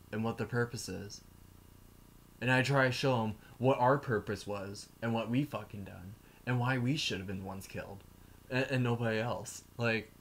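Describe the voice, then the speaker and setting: A man's voice: medium pitch, a bit bright, a little hiss or hum. A man delivering an emotional vlog rant, heated and profane, rambling from point to point. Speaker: YouTuber.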